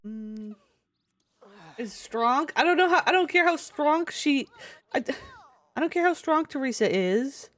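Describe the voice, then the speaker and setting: A woman's voice: high-pitched, lively intonation, unhurried, long pauses, fairly bright tone. A woman streamer talking casually and playfully to her viewers as she plays, thinking aloud in a chatty, joking way. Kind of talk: casual live-stream chat while playing a game.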